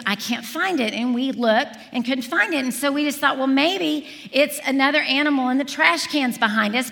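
Bright animated woman telling a church story. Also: sits high. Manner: animated storyteller, acts out dialogue. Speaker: speaker at a church service. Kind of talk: storytelling sermon. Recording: reverberant hall.

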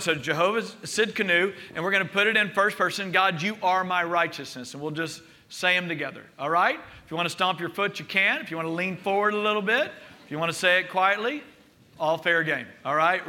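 A man's voice: high voice, fairly quick, bright, forceful tone. A man preaching a sermon as pastor, leading the congregation in spoken declarations. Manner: leads congregation in call-and-response declarations.

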